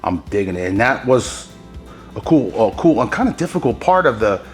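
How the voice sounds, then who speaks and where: A man's voice: fairly low pitch, very animated, moderate pace, soft background music. Upbeat man coaching an epoxy tutorial. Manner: enthusiastic, exclaims at his results, coaches with pro tips. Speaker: host demonstrating epoxy countertop techniques. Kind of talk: hands-on tutorial talking to viewers.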